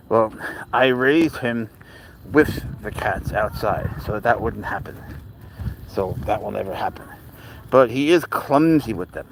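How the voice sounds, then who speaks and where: A man's voice: lowish voice, lively intonation, unhurried, a little hiss or hum, low-quality recording. A man hosting a casual live stream with his pet cat, reading viewers' comments and chatting in a rambling, easygoing way, sometimes slipping into baby talk.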